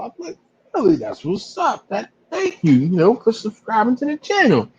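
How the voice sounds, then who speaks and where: A man hosting a casual live stream, telling stories and acting out other people's voices in a much higher pitch. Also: wildly swooping pitch, moderate pace, darkish tone, slightly rough. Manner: storytelling, acts out other people with big jumps in pitch. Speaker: barbecue channel host. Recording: slightly dull lo-fi live stream.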